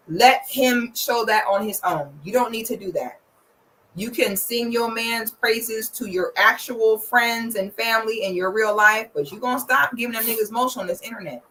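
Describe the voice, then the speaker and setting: A young woman giving blunt, profane, big-sister style commentary in a casual vlog, slipping into loud playful shouting now and then. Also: low-quality recording. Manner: bursts into loud playful shouting when pitching her membership. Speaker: vlogger commenting on celebrity relationships.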